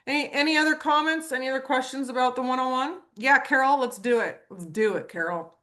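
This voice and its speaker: Lively storytelling woman on a group call. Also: brisk. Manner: animated storyteller, acts out quotes with big pitch jumps. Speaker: host of a horse training group call. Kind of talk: casual group video call chat.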